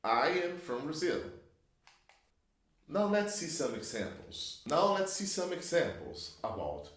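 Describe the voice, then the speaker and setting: A male English teacher walks through grammar examples slowly and patiently, with a lively rise and fall in his voice. The room around him is strongly echoey. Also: a little high. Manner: patient, with drawn-out example sentences. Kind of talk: slow, clear classroom explanation.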